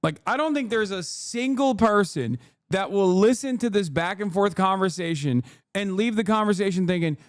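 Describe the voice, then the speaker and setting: A man's voice: sits high, animated, moderate pace, dry recording. Heated, swearing male streamer, dry sound. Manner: heated, sarcastic, swears often. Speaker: streamer reacting to a clip. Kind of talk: casual live-stream commentary.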